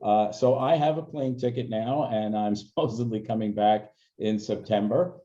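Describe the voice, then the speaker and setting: A man's voice: fairly low pitch, normal speed, warm tone. An older man, a guest in an interview, telling stories in a reflective way. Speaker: guest, senior consultant. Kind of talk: casual interview answers. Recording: dull lo-fi sound.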